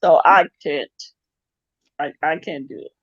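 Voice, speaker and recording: A man's voice: a little high, measured pace, no room sound. A man hosting a casual chat show, talking hesitantly with lots of giggling. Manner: giggly, hesitant, repeating himself. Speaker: show host. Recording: dull lo-fi sound.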